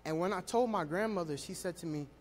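A man's voice: high-pitched, quick pace, slight background noise. A young man telling his personal testimony at a worship service, speaking with emotional, building storytelling. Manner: emotional storytelling, rising in intensity.

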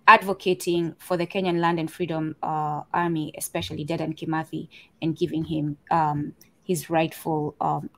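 Female co-host, low-set voice, chatty and searching, leads the panel. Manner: conversational, searching, reads passages aloud. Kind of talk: panel discussion on a podcast.

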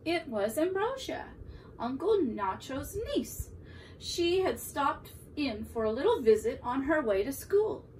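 A woman teacher reading a children's picture book aloud with expressive storytelling, recorded from a distance with faint room noise. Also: high-pitched, unhurried. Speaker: preschool teacher.

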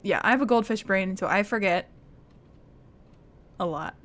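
At a normal speed and in a mid-range, fairly bright voice, a young woman chats her way through a game on stream. She giggles often and talks casually to the characters and to chat.

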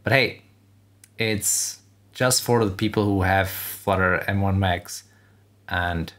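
Low-voiced man thinking aloud in commentary. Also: slow, pauses often, a bit bright. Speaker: host reacting to a tech keynote. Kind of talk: casual commentary over video.

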